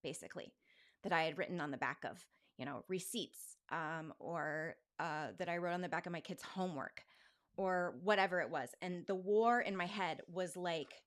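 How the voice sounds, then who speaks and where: A woman's voice: lowish voice, moderate pace. Rambling, candid woman in her forties. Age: 40s. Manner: rambling, self-questioning, leans on "like". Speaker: podcast host. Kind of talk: candid personal monologue.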